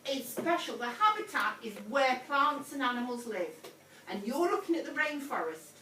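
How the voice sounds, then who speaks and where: A woman teaches a whole-class phonics lesson to primary pupils, encouraging them, repeating her prompts and calling them sweetheart. Her high voice is sing-song, pushed and bright, at a moderate pace. It's recorded from far off in an echoey classroom with slight background noise.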